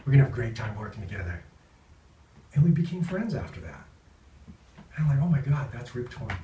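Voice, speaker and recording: A man being interviewed as an actor, telling anecdotes from a film shoot in a lively, storytelling way and acting out the people he quotes. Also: mid-range voice, a little fast, distant mic, slight background noise. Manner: animated, acts out quoted voices. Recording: roomy sound from off-mic.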